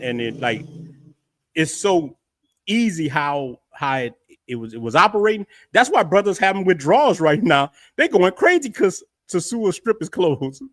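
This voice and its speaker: A middle-aged man from the United States hosting a casual livestream from his house, talking in an animated, rambling way with frequent laughs. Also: a little high, no echo, clean studio sound. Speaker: travel livestream host.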